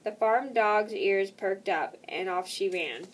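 A woman reading a children's picture book aloud, slow and careful, stopping now and then for casual asides. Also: mid-range voice, breathy edge, recorded from a distance, low-quality recording.

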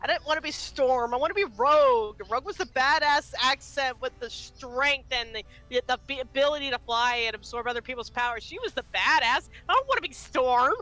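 A woman's voice: high voice, brisk, few pauses, pushed and bright, soft background music. A woman co-hosting a game stream, chatting casually and giggling as she talks. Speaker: co-host. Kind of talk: casual gameplay chat.

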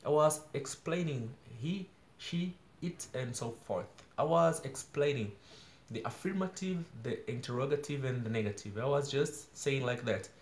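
A man from São Paulo with a Brazilian Portuguese accent, a native Portuguese speaker, earnestly practising English in a daily video and explaining grammar slowly with examples. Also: mid-range voice, expressive, echoey room. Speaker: English learner vlogger.

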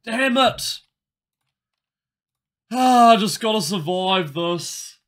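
Slow, bright-voiced male game streamer. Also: high-pitched, lively intonation. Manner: wry, chatty reactions while playing. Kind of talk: casual live gameplay commentary.

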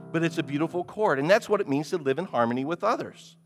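A male pastor preaching a sermon, animated, often putting questions to the congregation. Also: on the high side, fast, few pauses, loud music behind the voice.

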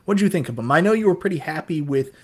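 A man's voice: on the high side, animated, quick pace, slightly rough. A man with a Newfoundland accent from Newfoundland, co-hosting a casual podcast chat in a chatty, joking, self-deprecating way. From Newfoundland, Canada. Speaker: co-host.

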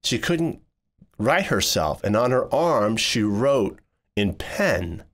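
A man tells a first-person life story in a fairly low voice. His delivery is animated, with wide swings in pitch. He lifts sharply higher whenever he quotes someone. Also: takes it slowly. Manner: expressive, jumps high when quoting people.

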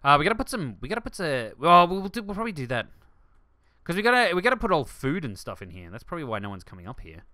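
A man hosting a let's play, rambling excitedly through gaming commentary and jumping to shouts. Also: fairly high pitch, quick pace, no echo, clean studio sound.

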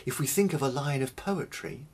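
A man teaching early music in a slow, deliberate spoken lecture, stressing single words and pausing between them. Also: mid-range voice, darkish tone.

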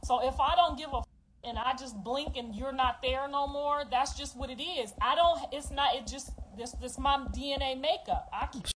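High-voiced blunt woman in her fifties. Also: normal speed, a little hiss or hum, poor audio. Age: 50s. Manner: emphatic, blunt, confessional. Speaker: mother telling her life story. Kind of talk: emotional livestream rant.

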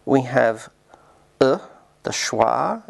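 Guy reading out a linguistics lesson, steady and explanatory, bit of vocal fry. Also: mid-range voice. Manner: measured, explanatory. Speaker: linguistics lecturer. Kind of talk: scripted lecture narration.

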